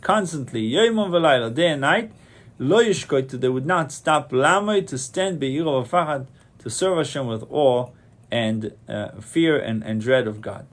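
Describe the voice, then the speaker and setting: A man, a rabbi, giving a Torah lecture, saying Hebrew terms and then translating them, often repeating a phrase to stress it. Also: medium pitch. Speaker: rabbi teaching a class.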